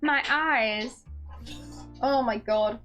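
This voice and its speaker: A woman streaming a game, chatting casually and reading dialogue aloud in a giggly, playful, excitable way. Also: fairly high pitch, extremely slow, highs cut off, faint music behind.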